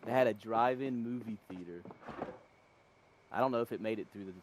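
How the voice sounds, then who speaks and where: A man's voice: on the low side, fairly quick, a little hiss or hum. A man from North Carolina chatting casually, telling rambling stories full of tangents and self-corrections. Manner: rambling, tangent-prone storytelling. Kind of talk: casual chat.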